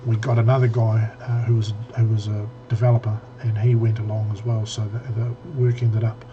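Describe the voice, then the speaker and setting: A man's voice: fairly low pitch, level tone, fairly quick, muffled recording, a little hiss or hum. A man co-hosting a casual tech podcast, rambling with many restarts and fillers. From New Zealand. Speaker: podcast co-host.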